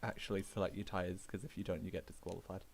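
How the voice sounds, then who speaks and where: A man with a Northern English accent chatting calmly over a racing game and reading out setup numbers like a race engineer. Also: sits low, fast, vocal fry, crowd noise. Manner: calm, reads out numbers and setup advice. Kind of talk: casual chat while gaming.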